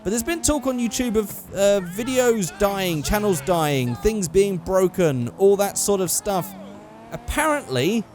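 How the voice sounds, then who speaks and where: A man's voice: high-pitched, lively intonation, measured pace, darkish tone. A young man giving rambling, casual gameplay commentary, swearing freely and correcting himself as he goes. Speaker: gaming YouTuber.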